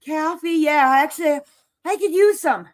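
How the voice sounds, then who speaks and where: A woman's voice: high-pitched, expressive, a little slow. A woman hosting a casual livestream as a tarot reader, out of breath and chatting with viewers. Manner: chatty, reads viewer messages aloud.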